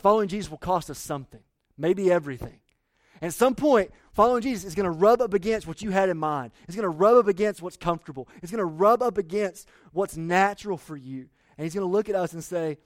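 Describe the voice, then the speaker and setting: A man preaches a sermon in a high, light voice. He talks to the congregation conversationally, firing rhetorical questions and dropping from loud appeals to near-hushed asides. The sound is dry and close. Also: dry recording. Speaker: pastor.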